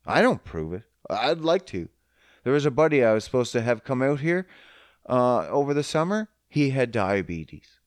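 With a clear, resonant, sing-song mid-range voice at a moderate pace, a man jokes crudely about fitness and diet. His casual, profane monologue rambles as he acts out conversations and voices others in quotes, in clean studio sound without echo.

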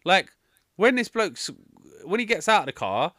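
A young man rants about a film in a casual podcast chat, his voice jumping all over the place. The tone is bright and forceful, and the sound is dry and close, with no room around it. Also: high voice, moderate pace, no echo. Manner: animated, swearing, exasperated rants.

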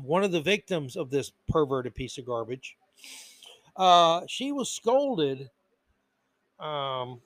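A man's voice: high voice, no echo. A man hosting a podcast, delivering an indignant political commentary monologue full of emphatic repetition. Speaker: podcast host.

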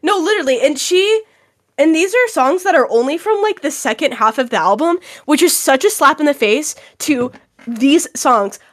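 High-voiced young woman ranting animatedly. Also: moderate pace, no room sound. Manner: animated, exaggerated ranting with frequent "literally". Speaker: podcast co-host. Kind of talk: casual chat.

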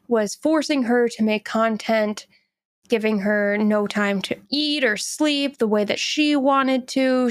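A woman's voice: fairly high pitch, no echo, studio quality. A young woman hosting a solo podcast, speaking candidly and bluntly, and heated when she scolds. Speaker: podcast host.

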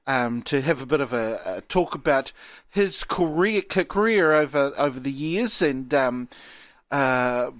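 A man's voice: a little high, a bit bright, no echo. A man hosting a radio show, teasing his co-hosts and rambling with many fillers. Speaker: radio host. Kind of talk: casual radio banter.

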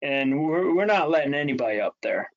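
A man's voice: on the high side, expressive, fairly quick. A man voicing a blunt, territorial older male landowner in a retold story, on slightly muffled audio. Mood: gruff.

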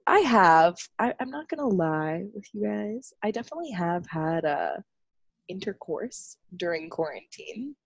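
A woman's voice: lowish voice, expressive, measured pace, dry recording. A woman co-hosting a podcast in casual chat, talking candidly, swearing and laughing often. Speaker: podcast co-host. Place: home, lived in Los Angeles.

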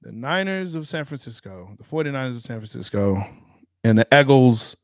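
A man co-hosting a casual sports podcast, animated and teasing, laughing often. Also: medium pitch, moderate pace, no room sound, studio quality. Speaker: podcast co-host.

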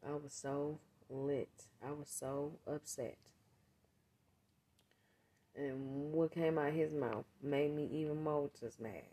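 A woman telling a story straight to her viewers in a casual vlog, cursing freely and swinging from muttered asides to loud, heated outbursts. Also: low-pitched, fairly even intonation, slow. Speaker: vlogger and mother.

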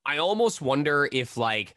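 A man's voice: fairly high pitch, sing-song, normal speed, a bit bright, dry recording, clean studio sound. A man, a voice actor being interviewed, talks thoughtfully and rambles a bit, hedging as he goes. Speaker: voice actor, guest. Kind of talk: casual interview.

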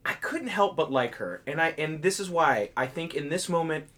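A man's voice: fairly high pitch, animated, moderate pace, a bit bright. A man co-hosting a casual podcast chat about a TV show, earnest and agreeable as he offers reflective opinions. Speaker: podcast co-host.

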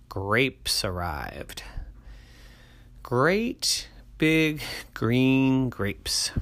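A storyteller narrating a bedtime tale in a playful, sing-song way with whispered asides. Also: mid-range voice.

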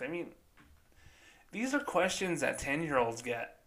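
A man's voice: fairly high pitch, big pitch swings, measured pace, a bit bright. Man ranting sarcastically with profanity. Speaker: podcast host. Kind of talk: casual ranting commentary.

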